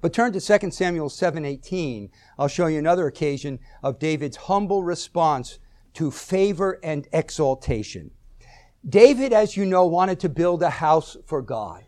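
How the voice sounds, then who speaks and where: A man preaching a sermon, reading scripture aloud at length and swelling loud on key words. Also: a little high, animated, normal speed.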